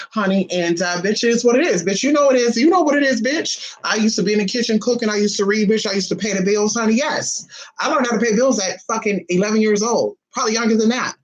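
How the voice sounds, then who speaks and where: A man's voice: sits high, rough recording. A man vlogging casually, telling family stories in a sassy, flamboyant and profane way. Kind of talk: casual storytelling.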